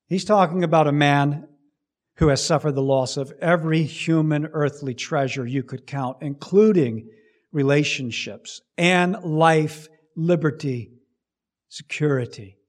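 Emphatic man preaching a sermon. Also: fairly high pitch. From United States. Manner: emphatic preaching with big swings in loudness. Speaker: pastor.

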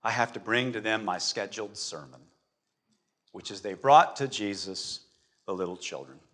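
A male pastor preaching a sermon as animated storytelling, swinging between loud stretches and hushed ones. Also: medium pitch.

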